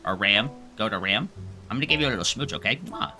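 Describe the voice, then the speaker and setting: A man's voice: on the low side, animated, fast, bright, forceful tone, faint music behind. A man giving casual gameplay commentary as the video host, rambling and joking with bits of swearing.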